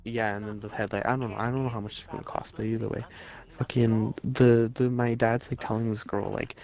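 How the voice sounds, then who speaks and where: A man's voice: fairly low pitch, fairly quick, vocal fry. A young man, telling a story in casual chat, swearing often. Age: late teens. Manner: profane, animated storytelling. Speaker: streamer.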